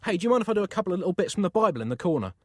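A man's voice: sits high, big pitch swings, racing, a little mellow, no room sound, voice pushed up. A man voicing an eager, chipper young male artist in a comic story, yappy and keen to please. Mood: chirpy.

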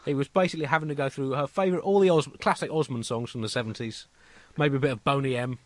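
A man's voice: mid-range voice, fast, dry recording. A man co-hosting a comedy show, rambling and sardonic in satirical chat. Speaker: comedy co-host.

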